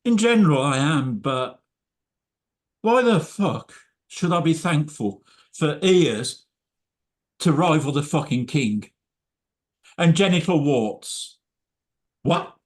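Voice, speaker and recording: A man doing a comic spoken-word piece at a poetry night, stumbling and stammering through a sweary drunken persona. His voice sits fairly high and swings all over the place. He takes it slowly. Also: big pitch swings. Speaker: open mic performer. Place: live poetry night venue.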